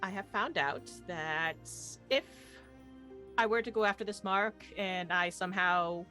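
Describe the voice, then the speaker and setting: Bright-voiced woman playing a tabletop game. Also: fairly low pitch, measured pace, faint music behind. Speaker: player. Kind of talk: casual tabletop role-play.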